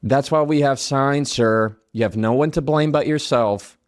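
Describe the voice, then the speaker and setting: A man's voice: fairly low pitch, very animated, fast talker. A man quoting a middle-aged female airport security agent, mostly in his own voice. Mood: condescending. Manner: condescending, then flustered and apologetic.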